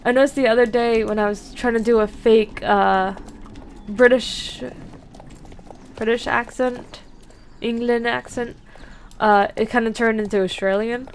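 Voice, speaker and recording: A woman's voice: fairly high pitch, steady tone, a little slow, pauses often, slight background noise. A woman streamer chatting casually and laughing at herself while playing a horse-riding game. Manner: chatty, giggly, self-deprecating. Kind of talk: casual gameplay commentary.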